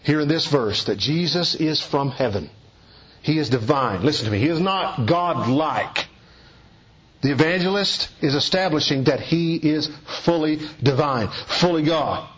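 A man delivers an expository sermon from the pulpit, hammering home his points by repeating key phrases. His voice sits a bit high for a man and has a husky, breathy edge. The recording is dull and lo-fi. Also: animated, moderate pace, a bit bright. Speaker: preacher.

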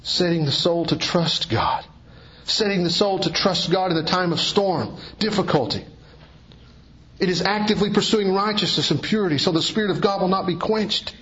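A man delivers an expository sermon in a fairly high voice, climbing sharply in pitch to stress key phrases. The recording is dull and lo-fi, like an old church tape. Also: normal speed, fairly bright tone. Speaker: pastor.

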